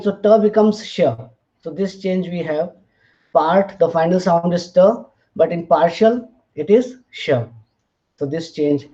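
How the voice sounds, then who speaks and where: A man with a high-pitched, mellow voice teaches a linguistics lecture, working through examples slowly and deliberately. He spells out letters and keeps checking in with "fine," with frequent "uh"s. The lo-fi audio sounds slightly dull.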